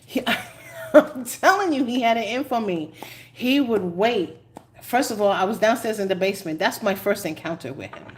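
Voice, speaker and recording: Animated New woman telling stories. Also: mid-range voice, normal speed, a little hiss or hum. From New York. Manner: animated storyteller, laughs often, dramatic asides. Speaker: tarot reader. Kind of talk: casual live-stream chat.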